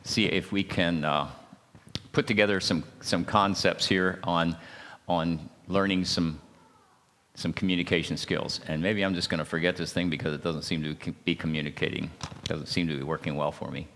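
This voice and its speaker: Guy teaching a church marriage class, lowish voice, stops and restarts a lot, keeps saying okay, long echo in the hall. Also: fairly even intonation, fairly bright tone. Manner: halting, repeats words, checks in with "okay?". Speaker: marriage seminar speaker. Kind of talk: church seminar talk.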